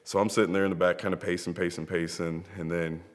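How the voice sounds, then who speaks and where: This young professional wrestler mourns a late friend in a tribute filmed indoors, telling rambling, heartfelt stories punctuated by laughter. His deep voice keeps a level tone at a fast clip, with big-room sound on the camera mic.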